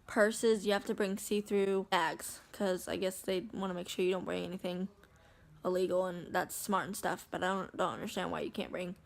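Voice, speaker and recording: A woman's voice: on the low side, steady tone, normal speed, vocal fry. A woman vlogger chatting casually to the camera, retelling what people said with lots of "like" and "I said.".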